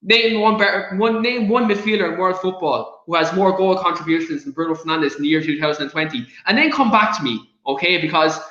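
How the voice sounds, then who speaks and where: A man's voice: high voice, fairly quick, hardly any pauses, sharp tone, lo-fi sound. Fired-up Irish man in an echoey room. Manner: passionate, rants and gets the giggles. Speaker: podcast host. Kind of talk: casual football chat.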